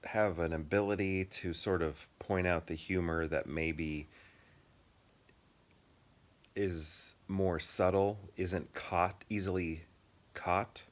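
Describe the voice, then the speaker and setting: A man in his thirties co-hosting a casual chat, easygoing and quick to laugh, with long rambling explanations. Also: low voice, steady tone. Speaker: podcast co-host.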